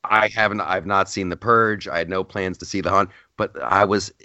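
Speaking at a moderate pace in a low-sitting voice, a man hosts a podcast with a lo-fi, echo-free sound. His talk is casual and story-driven, delivered animatedly, and he keeps restarting his sentences.

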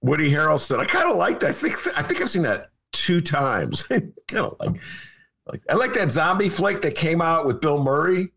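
A man's voice: a little high, big pitch swings, moderate pace, vocal fry, a bit bright, breathy edge. A man in his sixties hosting a podcast, chatting casually in a rambling, emphatic way and repeating himself. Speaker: podcast host and journalist. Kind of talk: casual chat.

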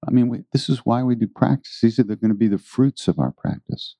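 A man's voice: mid-range voice, brisk, dark tone, dry recording. A man giving an informal spiritual talk to a live audience, earnest and rambling, often repeating his phrases.

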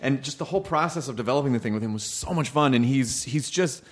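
A man hosting a podcast in casual, animated and jokey chat. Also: mid-range voice, fast talker. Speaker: podcast host.

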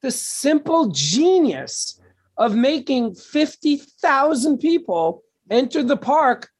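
A man's voice: extremely high pitch, big pitch swings, slow pace. A male producer and interview guest, explaining his views in a thoughtful way with some stammering. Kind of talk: casual interview chat.

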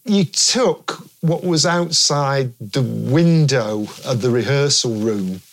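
A man, a band drummer, reminiscing in an interview in a halting way and laughing as he talks. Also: mid-range voice, animated. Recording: faint hiss.

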